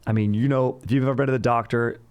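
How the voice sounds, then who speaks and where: Smooth and fast-talking, this male podcast host keeps a steady tone in a mid-range voice. His history talk is casual and comedic, rambling with jokes, and he peppers it with slangy bro speech and endless "dude" asides.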